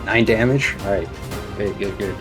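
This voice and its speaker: A man narrating as game master of a tabletop game, halting with many fillers and restarts. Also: on the low side, music in the background.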